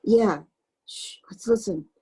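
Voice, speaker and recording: A woman reading aloud, voicing a bold, quick-thinking schoolboy. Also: mid-range voice, warm tone, breathy edge. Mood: hurried.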